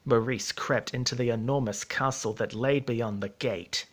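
A man's voice: mid-range voice, fairly even intonation, moderate pace. Man narrating a storybook.

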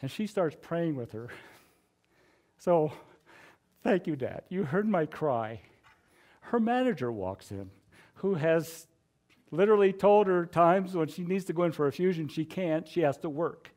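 A middle-aged man preaching a conversational sermon, sharing a personal testimony in an earnest, chatty way with many fillers and soft laughs. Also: fairly high pitch, lively intonation, unhurried, pauses often.

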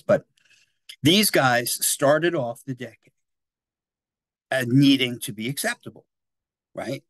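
A man's voice: medium pitch, fairly bright tone, no room sound. A man in his sixties giving a casual, rambling history talk at a library, often checking in with his listeners. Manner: chatty and digressive, often tags "right?" and "you know".

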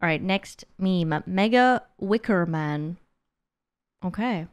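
A woman's voice: on the low side, expressive, slow, clear, resonant tone, no room sound. A young woman streamer reacting to memes, laughing often and swearing casually.

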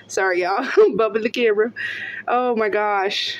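A woman with a drawl talks her way through a lottery scratch-off, reading out symbols and bursting into excited exclamations. Her pitch sits in a middle range. A faint hum of ambience runs behind her. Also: brisk. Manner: excitable, exclaiming and laughing often. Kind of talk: casual narration while scratching tickets.

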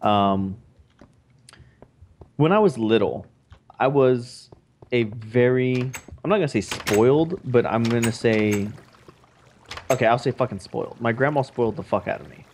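A young man casually telling a family story on a vlog, animated and swearing often. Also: medium pitch, unhurried, long pauses, slight background noise. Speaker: vlog co-host.

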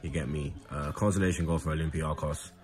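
A young man giving slangy, excitable running commentary on a football video game. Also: a bass voice, a little fast, faint music behind. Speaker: gaming YouTuber. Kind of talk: casual gaming commentary.

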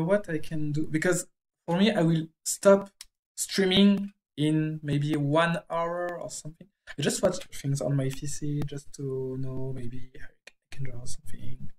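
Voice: medium pitch, steady tone, darkish tone. French-accented streamer, casual drawing-stream chat, hesitant English, stops to find words. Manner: halting, searching for English words.

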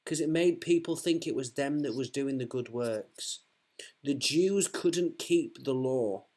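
A man's voice: medium pitch, a little slow, darkish tone. A man, preaching fervently to one listener, often repeating himself and restarting his sentences.

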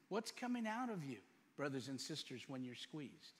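A man's voice: mid-range voice, sing-song, moderate pace. Preaching man in an echoing church. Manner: emphatic preaching with rhetorical questions, swinging from loud to quiet. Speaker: pastor. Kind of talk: sermon. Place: church sanctuary. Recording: long hall reverb.

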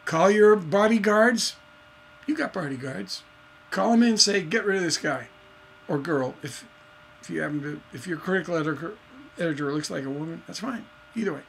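A man teaching songwriting in a casual, animated way, acting out scenes as he talks. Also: sits high, fairly quick, creaky, a little hiss or hum. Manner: animated storytelling, acts out voices. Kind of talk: casual instructional talk.

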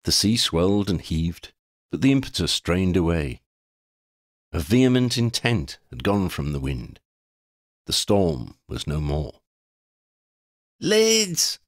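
A man reading a storybook aloud in a dramatic, measured way. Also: deep voice, sing-song, dry recording, studio quality. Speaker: audiobook reader. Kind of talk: storybook narration.

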